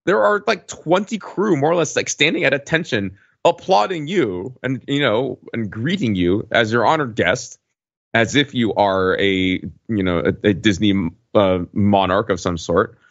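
Podcast host, man in his forties, low voice, rambling and filler-heavy, dry dull mic. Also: animated, a little slow, no echo. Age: 40s. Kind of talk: casual chat.

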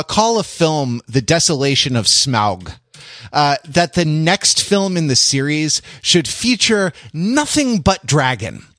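A male podcast host talks in a loose, joking ramble, full of ums and false starts. His voice sits a little high for a man. The recording is close and dry, with no room sound. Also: fairly bright tone, no room sound. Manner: rambling and jokey, many fillers and restarts. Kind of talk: casual chat.

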